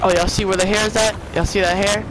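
A young man streaming a video game, chatting in slang and yelling at the game when things go wrong. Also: high-pitched, fast talker. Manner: excitable, trash-talking slang, yells at the game. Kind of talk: casual gaming commentary. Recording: noisy game sound underneath.

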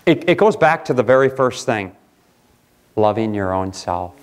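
A pastor preaching a sermon in a church, jumping from loud outbursts to quiet asides. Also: male voice, lowish voice, lively intonation, moderate pace. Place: church sanctuary.

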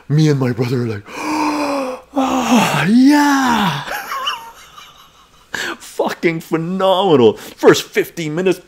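A man's voice: mid-range voice, darkish tone. A man in his forties, a live stream host, telling a story casually, laughing often and swearing freely.

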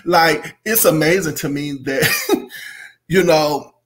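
Middle-aged male commentator, slightly high voice, emphatic and repetitive, casual rant. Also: takes it slowly. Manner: emphatic, repeats phrases, bursts into helpless laughter. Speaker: music commentary host. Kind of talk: casual opinion monologue.

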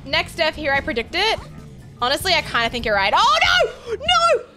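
A young woman streaming a game while eating hot sauces, excitable, often squealing and laughing. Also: sits high, a little fast, soft background music. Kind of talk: gaming hot sauce challenge.

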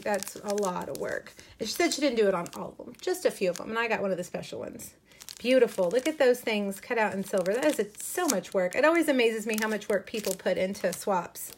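A woman's voice: fairly high pitch, slight background noise. A middle-aged woman chatting casually on a live stream, showing crafts with enthusiastic asides and frequent ums.

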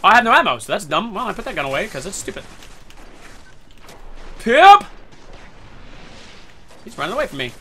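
Excitable man ranting over gameplay. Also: sits high, rapid-fire, hardly any pauses, slightly rough. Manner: excitable, swears often, bursts into shouts; talks to himself and his teammates. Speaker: gaming video creator. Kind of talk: live gameplay commentary.

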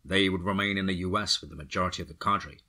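A man narrating a dark action story for a horror podcast with a steady, dramatic delivery. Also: deep voice, fast talker.

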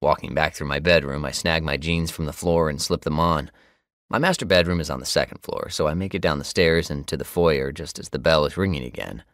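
A man's voice: a bass voice, brisk, fairly bright tone, no echo. A man narrating a romance novel in the first person, easygoing and wry. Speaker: audiobook narrator. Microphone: close studio mic. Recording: dry studio booth.

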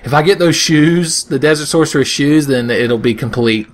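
A young man with a slightly high voice, speaking at a moderate pace, hosts a let's play with casual, joking gameplay commentary. His humor is crude, and he often slips into silly voices.

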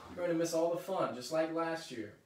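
A bossy little storybook girl, loud and scornful, as a man reading aloud puts her on. She scolds in a raised voice. The sound is roomy and echoey, with the mic set back from the speaker. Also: a little high, lively intonation, normal speed, recorded from a distance, very noisy, natural voice.

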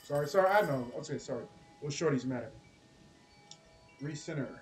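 A man doing casual, excitable gameplay commentary as a streamer, chatty and cursing at enemies. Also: on the high side, fairly quick, faint music behind. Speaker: gaming streamer.

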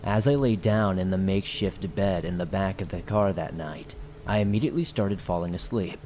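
Male horror narrator, low voice, steady reading, faint rain behind. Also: slight background noise, rough recording. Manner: steady, measured storytelling.

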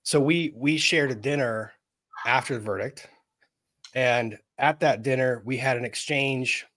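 A man's voice: medium pitch, unhurried, a bit bright, no room sound. Chatty male interview host. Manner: chatty, rambling storyteller, laughs while telling. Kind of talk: conversational interview.

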